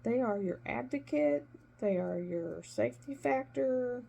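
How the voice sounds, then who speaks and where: A middle-aged woman and former nurse chatting casually while she crafts, retelling conversations with emphatic, animated delivery. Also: a little high, a little slow, gravelly.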